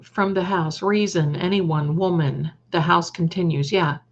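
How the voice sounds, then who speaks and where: Woman, psychic livestream host, unhurried and halting, reads word lists aloud; muffled, low-fi sound. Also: steady tone. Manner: halting, trails off and restarts. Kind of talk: livestream chat with viewers.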